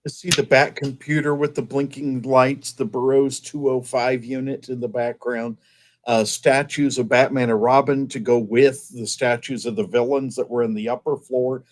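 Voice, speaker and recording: Upbeat man pitching his museum. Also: normal speed. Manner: upbeat, promotional, steady. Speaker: guest, museum owner. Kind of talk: interview answers.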